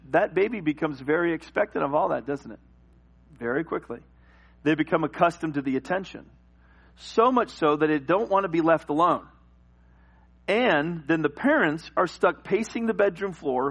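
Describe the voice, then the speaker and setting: Male preacher, middle-aged, slightly high voice, animated storyteller, sermon delivery. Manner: animated storytelling, acts out scenes and cries. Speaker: pastor. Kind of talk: sermon with personal stories.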